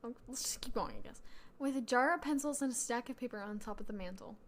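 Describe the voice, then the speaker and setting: A woman's voice: a little high, fast talker. A woman co-hosting a casual podcast, reading a story aloud while laughing and reacting with mock outrage. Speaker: podcast co-host.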